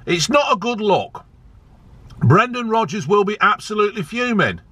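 Brief: male fan vlogger, sharp bright tone, heated sweary rant, dry close sound. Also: high voice, very animated, moderate pace, breathy edge, no echo. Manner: heated, sweary, repeats himself for emphasis. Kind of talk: angry ranting vlog.

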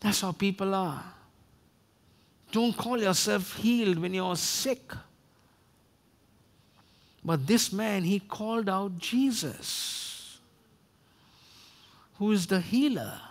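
A man's voice: sits high, lively intonation, slow pace, gravelly, long pauses, fairly bright tone. A man preaching a sermon emphatically, now and then acting out quoted voices. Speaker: pastor.

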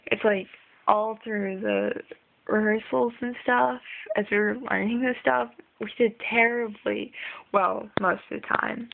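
A woman's voice: medium pitch, steady tone, a little slow, vocal fry, phone-quality sound, a little hiss or hum. A young woman rambling casually in a video diary, chatty and full of ums. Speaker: vlogger.

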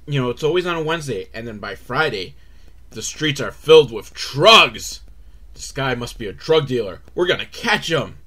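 A man hosting a comedic movie recap, rambling and sarcastic, acting out characters in squeaky voices. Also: pushed and bright.

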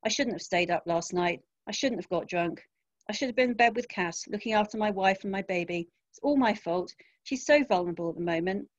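A woman's voice: mid-range voice, a little fast, highs cut off, close to an everyday voice. A woman voicing a frantic husband whose wife is missing, his voice strained, in a crime story reading. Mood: guilt-ridden. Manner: strained, pleading. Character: distraught husband, guilt-ridden and strained.

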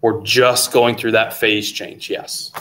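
A man teaching a chemistry class in a relaxed lecture style, often stopping to ask if there are questions. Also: lowish voice, slow, far from the mic, slight background noise. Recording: roomy classroom, voice from off-mic.

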